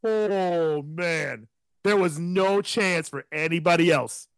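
A man in his thirties co-hosting a podcast, telling a story in a casual, profane and animated way, laughing often. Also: on the high side, slow pace, clean tone, no echo. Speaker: podcast co-host.

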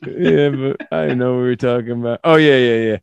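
A man's voice: medium pitch, steady tone, a little fast, vocal fry, clean tone, no echo, highs cut off. Sex: man. Style: profane casual podcast chat. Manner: profane, rambling storyteller.

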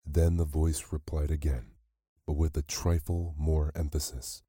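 A man reading a classic short story aloud as a bedtime storyteller, calm and measured. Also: a bass voice, slightly rough, no room sound, clean studio sound.

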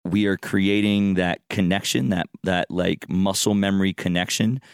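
A man's voice: low voice, little pitch movement, normal speed, creaky, clear, resonant tone, no room sound, clean studio sound. A laid-back male host from Canada, chatting casually and saying "dude" and "you know" often. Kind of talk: casual conversational interview. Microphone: handheld mic, passed around.

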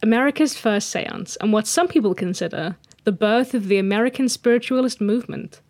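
A woman co-hosting a casual podcast, playful and quick to mock outrage as she tells a story. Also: a little high, darkish tone, no room sound. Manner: playful, indignant, giggly. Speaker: podcast co-host. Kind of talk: casual chat, reading a story.

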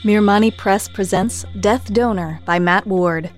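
A woman announcing an audiobook promotion in a crisp, promotional delivery. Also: mid-range voice, a little slow, faint music behind. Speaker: publisher announcer. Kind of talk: scripted promo read.

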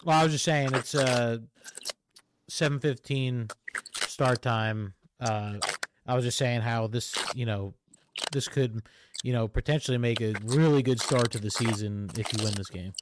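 A male podcast co-host in a casual sports chat, relaxed and rambling with fillers. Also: mid-range voice, a little slow. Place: home setup on a call. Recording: noisy call audio.

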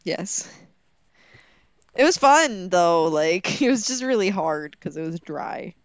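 A woman's voice: fairly low pitch, animated, slow, dry recording. A young woman co-hosting a podcast in casual chat, giggly and bubbly, saying "like" often. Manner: bubbly, giggly, says "like" a lot. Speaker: podcast co-host.

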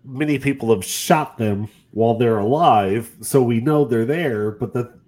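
A man's voice: medium pitch, a little slow, a little mellow. A man co-hosting a podcast in casual chat, rambling and self-deprecating. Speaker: podcast co-host.

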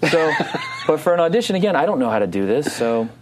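A man from New Jersey telling a story in casual chat, animated and laughing, acting out the other people's voices. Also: a little high, fast.

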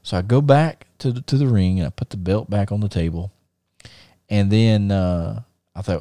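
A man's voice: on the low side, moderate pace, dry recording, clean studio sound. A middle-aged man, hosting a podcast and telling a story in casual chat, acting out the voices of the people in it. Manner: animated storyteller, acts out quoted voices; frequent fillers and restarts. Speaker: podcast host.

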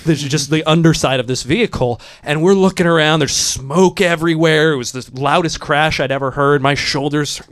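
A man with a slightly high voice tells a story in loose, casual chat. He is animated and profane, and he breaks into laughs partway through his sentences. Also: fairly quick, hardly any pauses. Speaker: podcast host telling a story.

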